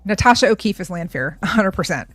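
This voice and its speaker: A woman's voice: medium pitch, expressive, fast talker, no room sound. A woman co-hosting a casual reaction podcast, giving firm opinions and laughing easily. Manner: opinionated, emphatic, laughs often. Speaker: podcast co-host. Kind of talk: casual group reaction chat.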